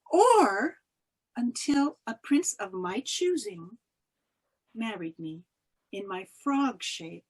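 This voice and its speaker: A gentle enchanted maiden from a folk tale, as a woman storyteller speaks her, full of quiet sorrow. Her voice is husky and fairly high, earnest and pleading. It stays close to the teller's own voice. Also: exaggerated voice, low-quality recording.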